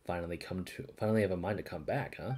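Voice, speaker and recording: A man voicing a gruff, teasing middle-aged village uncle while reading game dialogue. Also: low-pitched, quick pace, darkish tone, slight background noise, lightly acted.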